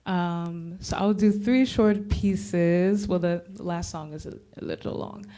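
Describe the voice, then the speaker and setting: A woman from Cameroon introducing her poetry performance, thanking organizers with relaxed, hesitant fillers. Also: lowish voice, slow. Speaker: performing poet and musician. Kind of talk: stage introduction before a performance.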